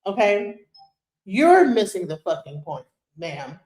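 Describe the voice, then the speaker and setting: A woman's voice: medium pitch, sing-song, slow pace, a little mellow. A middle-aged woman hosting a livestream, ranting in a heated, profane way and firing off rhetorical questions. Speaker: streamer host. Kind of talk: livestream commentary reacting to a clip. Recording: roomy echo.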